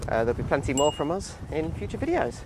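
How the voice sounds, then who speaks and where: A man's voice: on the high side, sing-song, fast, noisy background. A man from England bantering drily on an outdoor countryside walk. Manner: jokey, dry banter. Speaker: travel vlogger. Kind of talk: casual chat on a walk.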